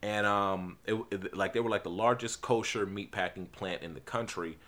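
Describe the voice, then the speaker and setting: A man's voice: on the low side, normal speed, a bit bright. A man from New Jersey hosting a podcast, talking in a casual, rambling, profane monologue full of restarts and fillers. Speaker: podcast host.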